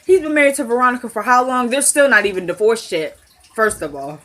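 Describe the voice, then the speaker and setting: Animated woman with a higher voice. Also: a little fast. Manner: animated, laughing often, acting out scenes in quoted voices. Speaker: TV episode recap vlogger. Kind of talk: casual chat.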